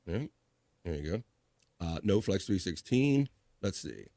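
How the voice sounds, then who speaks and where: A man hosting a live stream in casual chat, reading viewer messages aloud with upbeat, profane shout-outs. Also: deep voice, sing-song, unhurried, gravelly, no echo.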